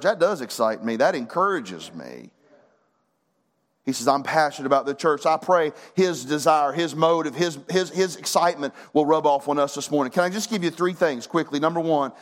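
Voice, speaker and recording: A man's voice: on the high side, expressive, brisk. A middle-aged man preaching a sermon as pastor, folksy and fervent, building to emphatic bursts.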